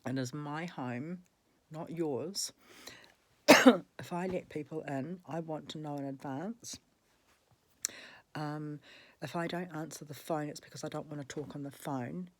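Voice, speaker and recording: A woman's voice: sits low, moderate pace, long pauses, a bit bright. A woman, speaking in an angry, emphatic personal monologue, swearing and repeating herself for emphasis, with a cough at times. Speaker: vlogger.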